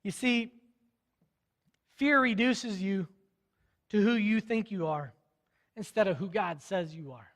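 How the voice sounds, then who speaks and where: A man's voice: high voice, slow pace, long pauses, a bit bright, big-room sound. A man preaching a sermon, retelling a Bible story in casual, modern speech and acting out the characters' lines. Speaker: pastor.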